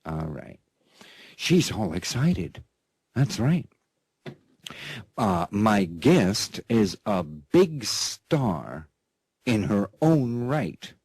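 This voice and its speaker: An American man hosts his own radio show in a rambling, playful talk-radio monologue, introducing things with showman flair. His fairly low, darkish, breathy voice is sing-song and extremely slow, with long pauses, on a dry recording. He constantly checks in with listeners using "okay?" and "that's right."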